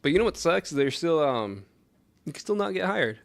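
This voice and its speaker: A man's voice: a little high, big pitch swings, moderate pace, vocal fry. A man hosting a casual chat, cutting in with brief questions and prompts.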